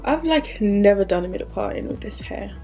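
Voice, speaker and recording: A woman's voice: medium pitch, lively intonation, fairly quick, warm tone, soft background music. A woman in her twenties chatting candidly through a Q&A vlog, drifting into asides as she talks. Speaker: vlogger. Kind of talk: casual Q&A vlog.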